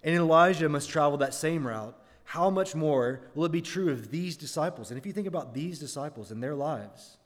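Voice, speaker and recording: Pastor, male, fairly high voice, earnest sermon delivery with rhetorical questions, hall reverb. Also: lively intonation, normal speed, hardly any pauses.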